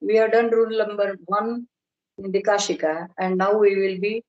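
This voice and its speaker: Woman giving a measured online lecture. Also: medium pitch, steady tone, a little mellow, dull audio. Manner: measured, explanatory, slow on terms. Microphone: video call.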